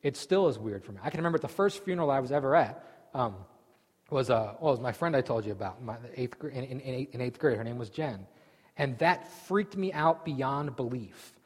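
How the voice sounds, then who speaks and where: A man preaching a sermon as pastor, telling the story vividly and swinging from loud outbursts to hushed asides. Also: mid-range voice, animated, fairly quick. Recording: long hall reverb.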